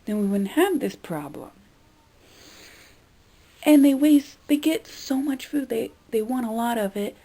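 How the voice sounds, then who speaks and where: A woman's voice: a little high, animated, measured pace, long pauses, dark tone, low-quality recording. A young woman vlogging a casual rant, exasperated and swearing, now and then mimicking the people she talks about. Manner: exasperated, swearing, mimics customers in quoted voices. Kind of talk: casual ranting monologue.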